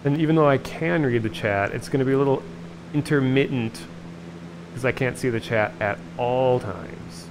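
Low-key male streamer over humming noise. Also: normal speed. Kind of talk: casual live-stream chat.

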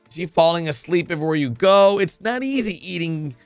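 A man giving casual, excitable commentary as he reacts to funny videos, breaking into exclamations and jumping from one thought to the next. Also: a little high, brisk, no echo, soft background music.

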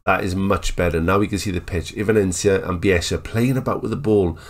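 A man giving casual, excitable commentary over a football management game, chatting and joking as the match plays. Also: low-pitched, brisk. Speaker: gaming YouTuber. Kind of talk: casual Let's Play commentary.

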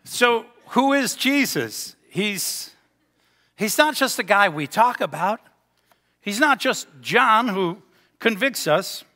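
A man delivering a sermon in a high, bright voice that rings with a long hall reverb. He tells stories and draws out key words to land a point. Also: lively intonation. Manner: storytelling, slows for emphasis. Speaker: pastor. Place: church sanctuary.

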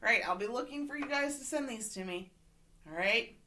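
A woman's voice: a little high, lively intonation, a little fast, sharp tone. A woman teacher giving a remote reading lesson to children, patient and encouraging, often checking in with "okay?".

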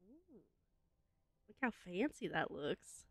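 A woman hosting a let's play, chatty and excitable, laughing often as she plays through a cooking game. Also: fairly low pitch, moderate pace. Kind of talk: gameplay commentary.

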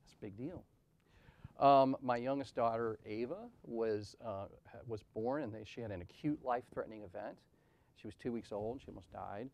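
A man's voice: mid-range voice, normal speed, creaky, a little mellow. A man in his forties giving a candid conference talk, telling personal stories in a self-deprecating, conversational way with frequent "right?" asides. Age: 40s. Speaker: conference speaker. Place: event venue.

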